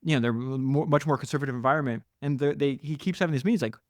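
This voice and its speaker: A man's voice: medium pitch, quick pace, dry recording, studio quality. A man hosting a podcast, enthusiastically retelling a founder's biography in casual talk. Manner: enthusiastic, frequent restarts and "you know". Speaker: podcast host.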